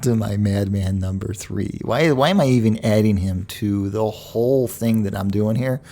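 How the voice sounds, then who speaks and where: A podcast host delivers a casual monologue in a mid-range, darkish voice with vocal fry. He rambles and digresses, often restarting his sentences.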